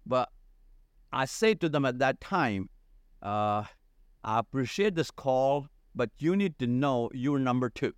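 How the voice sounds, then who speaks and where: A man's voice: mid-range voice, animated, unhurried, smooth, no echo. A middle-aged man, a church leadership consultant, talking earnestly in a podcast interview and repeating phrases for emphasis.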